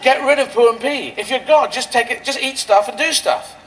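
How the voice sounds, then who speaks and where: A man performing a stand-up routine on an outdoor rally stage, with a rambling, surreal, playful delivery full of quick asides. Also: very high voice, a bit bright, a little hiss or hum, rough recording. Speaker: stand-up comedian.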